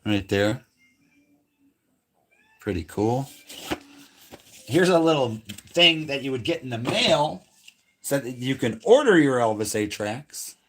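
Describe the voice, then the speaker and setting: A man's voice: medium pitch, big pitch swings, takes it slowly, pauses often, fairly bright tone. Guy rambling casually on a live stream, showing off his collection, filmed on a phone. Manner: chatty, rambling, playful. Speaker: channel co-host giving a room tour. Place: home media room. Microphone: handheld phone camera.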